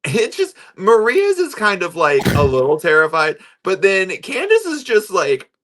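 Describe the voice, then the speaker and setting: A young man co-hosts a casual podcast, making wry, dry asides between laughs. His voice is bright and a little high, and it moves up and down a lot. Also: huge pitch swings, a little slow. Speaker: podcast co-host. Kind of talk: casual chat.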